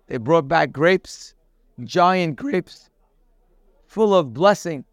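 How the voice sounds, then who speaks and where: A man leads a Torah class at an unhurried, measured pace, quoting Hebrew verses and translating them one by one. His voice is high and clear. The sound is dry and close. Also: lively intonation, dry recording. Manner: acts out quoted speech with sudden raised emphasis. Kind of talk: lecture-style Torah class.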